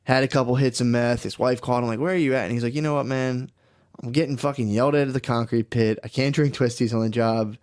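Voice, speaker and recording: A man's voice: mid-range voice, steady tone, quick pace, a little mellow. A man on a podcast telling a rambling, profane story in casual chat, laughing often. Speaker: podcast co-host.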